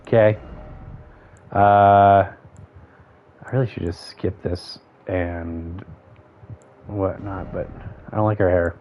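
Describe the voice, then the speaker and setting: A man streaming a game, chatting casually, thinking aloud and counting off options under his breath. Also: lowish voice. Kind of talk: casual gameplay commentary. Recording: dull lo-fi stream audio.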